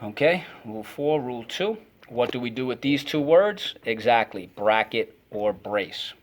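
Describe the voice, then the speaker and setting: A man's voice: medium pitch, animated, measured pace. A man teaching a phonics lesson to children, energetically calling out words and repeating them for the class to echo.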